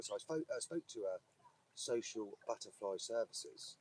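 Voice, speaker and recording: A man's voice: on the low side, brisk, distant mic, rough recording. Rambling man by a running river. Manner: joking, meandering, with frequent restarts. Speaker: vlogger. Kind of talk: rambling outdoor monologue. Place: outdoors by a river, feet in the water. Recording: outdoor recording with running water noise. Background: running water.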